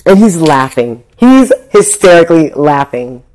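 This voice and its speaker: A woman's voice: low-pitched, very animated, unhurried, darkish tone, faint music behind. A woman vlogging, telling a story in a casual, slangy way with swearing and acted-out quotes.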